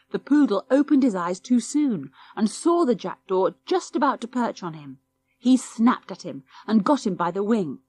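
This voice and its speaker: A woman reading a children's audiobook in a lively, expressive storytelling voice. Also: medium pitch. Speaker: audiobook narrator.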